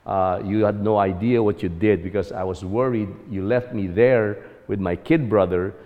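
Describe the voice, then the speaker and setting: A man's voice: on the low side, fairly even intonation, moderate pace, long reverb tail, phone-quality sound. A man telling a personal story about fatherhood as an earnest testimony.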